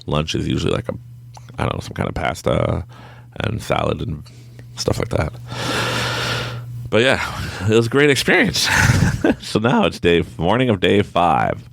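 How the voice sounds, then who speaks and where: A man with a deep, gravelly voice tells a story in a loose, chatty way. His pitch leaps all over as he acts out his own thoughts and breaks into laughter, recorded close and dry. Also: wildly swooping pitch, moderate pace, long pauses, a bit bright, dry recording. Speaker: podcast guest. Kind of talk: casual storytelling.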